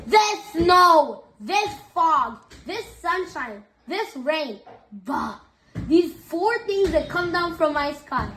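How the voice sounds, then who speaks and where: A bossy old king, grumpy and bellowing, barking orders in a read-aloud children's storybook, as a woman puts him on. The voice sits high for a king, with a faint hiss of noise behind it. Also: expressive, moderate pace, sharp tone. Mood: angry demanding. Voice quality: growling, bellowing.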